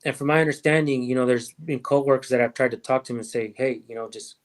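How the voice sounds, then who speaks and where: A man hosting a casual livestream chat, his voice sitting at an ordinary middle pitch. He talks in loose, rambling sentences and often trails off mid-thought. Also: steady tone, fast talker. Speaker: host of a police-accountability livestream.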